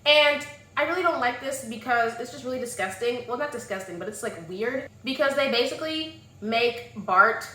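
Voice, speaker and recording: Woman vlogger, higher voice, animated and sassy, echoey room. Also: moderate pace, hardly any pauses. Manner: animated, sassy, exclamatory asides. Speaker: vlogger reviewing a movie. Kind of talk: casual sassy commentary.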